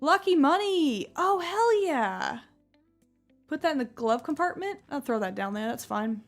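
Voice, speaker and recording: A young woman chatting casually to her live-stream viewers while she plays, talking excitedly and sometimes getting loud when surprised. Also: high voice, brisk, soft background music. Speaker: gaming streamer.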